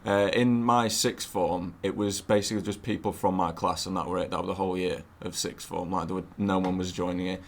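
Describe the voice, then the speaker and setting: Low-voiced laid-back man. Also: fairly even intonation, brisk, few pauses. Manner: laid-back, hesitant, many fillers. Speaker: podcast guest. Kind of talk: casual chat.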